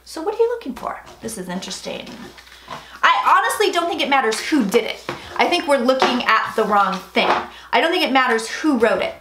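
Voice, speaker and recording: Chatty high-voiced woman livestreaming tarot. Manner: chatty, frank, swears, reads viewer comments aloud. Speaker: psychic livestream host. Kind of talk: casual livestream tarot reading. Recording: echoey room, faint noise.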